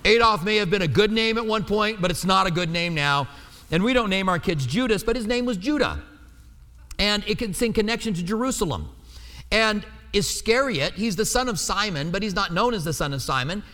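A man's voice: high voice, expressive, brisk, bright, forceful tone. A man preaching a teaching sermon in a conversational way, checking in with his listeners as he goes. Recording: long hall reverb.

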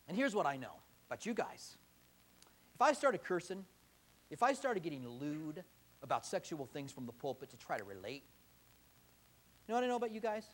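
Male pastor, high animated voice, impassioned sermon delivery in church. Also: moderate pace, long pauses. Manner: impassioned, rising to emphatic exhortation.

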